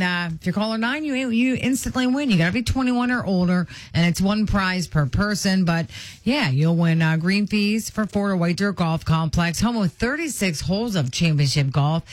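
A radio DJ talks in a loose, chatty way, joking and wandering through prize details. The voice sits at a middle pitch. It is recorded close on a studio mic with a dry, dead sound. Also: no echo. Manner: chatty, joking, rambling giveaway patter. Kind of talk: casual radio chat. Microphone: studio microphone.

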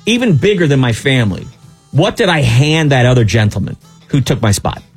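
A man's voice: medium pitch, lively intonation, fairly quick, breathy edge, faint music behind. A man hosting a radio show, telling a long personal story in a casual, exasperated way with lots of restarts.

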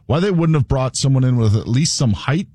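A man's voice: mid-range voice, lively intonation, a little fast, mellow, breathy edge, no echo. A man on a sports radio show breaking down a game play in an emphatic, analytical way.

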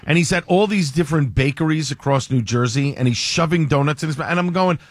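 A man's voice: on the high side, fast talker, no room sound. A man co-hosting a radio show, bantering casually and wryly with the host. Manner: wry, joking, protesting.

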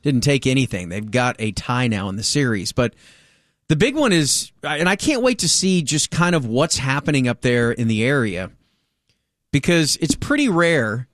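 A man's voice: mid-range voice, normal speed, no room sound, clean studio sound. A man hosting a sports radio talk show, chatting casually and jumping in with questions. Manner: lively, animated, jumps in with questions.

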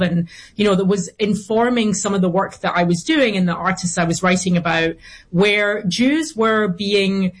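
A woman being interviewed as a guest commentator, speaking earnestly with some restarts. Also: mid-range voice. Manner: earnest, with frequent restarts and fillers.

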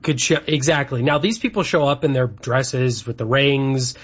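A man's voice: medium pitch, moderate pace, slightly rough. A man from Canada co-hosting a show, rambling chattily through lists with lots of fillers. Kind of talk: casual chat. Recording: dull lo-fi sound.

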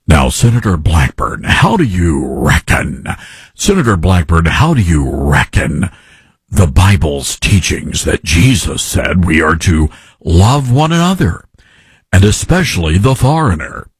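Guy doing a slow drawly fake news anchor voice, low and husky, real dry sound. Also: very animated, dry recording, heavily acted. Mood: mocking. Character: mocking impression of a drawling male news anchor.

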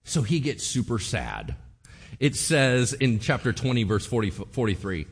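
Animated joking male pastor. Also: on the low side, moderate pace, breathy edge. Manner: animated, joking, laughs often. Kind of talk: sermon, casual storytelling.

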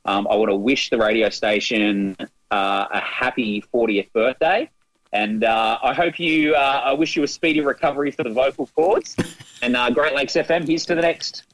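A man's voice: medium pitch, normal speed, a bit bright, poor audio. An Australian man in his thirties, a radio presenter, eagerly reminiscing in an interview and often restarting his sentences. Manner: eager, many restarts and repeated words.

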